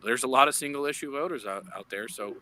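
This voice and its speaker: A man's voice: medium pitch, fast, pushed and bright. A man in law enforcement speaking as a guest in a live chat over a phone, earnest and explanatory, often searching for words.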